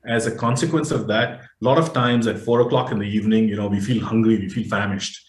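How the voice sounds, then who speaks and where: A man with a fairly low voice talks through his points in a relaxed interview, filling pauses with "uh" and "you know" and often restarting his sentences. His voice carries a noticeable echo, as if he is recording in a bare room. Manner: explains at length, many fillers and restarts. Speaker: guest, health researcher. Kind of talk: casual interview talk.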